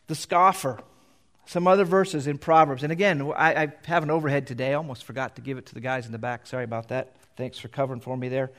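A middle-aged pastor preaching in a church, reading scripture aloud and explaining it in a loose, conversational way. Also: male voice, medium pitch, fairly even intonation, fast talker, fairly bright tone. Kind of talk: sermon. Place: church sanctuary.

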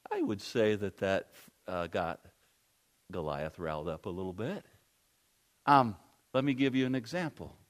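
A man's voice: lowish voice, expressive, unhurried, pauses often. A man preaching a sermon, telling the story in a rambling way full of fillers.

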